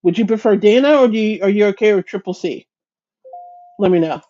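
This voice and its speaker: A woman's voice: medium pitch, a little fast, mellow, highs cut off. A woman hosting a casual crochet chat livestream, greeting viewers by name, chatty and self-deprecating, often restarting her sentences. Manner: frequent restarts and stumbles.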